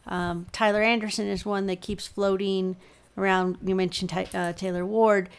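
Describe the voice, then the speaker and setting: A woman's voice: medium pitch, flat delivery, moderate pace, clean tone. A middle-aged woman co-hosting a podcast, recapping games in a meandering casual chat with many ums. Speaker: podcast co-host.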